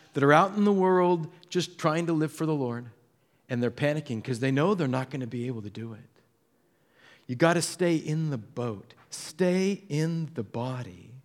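A middle-aged man, a pastor, telling a story in a sermon and jumping his voice up to act out the people in it. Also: moderate pace. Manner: animated storytelling, acts out voices with jumps in pitch.

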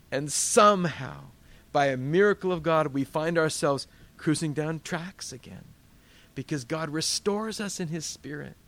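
A man preaching a sermon, retelling a biblical story and acting out the quotes. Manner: storytelling, acting out biblical quotes with sudden loud high bursts.

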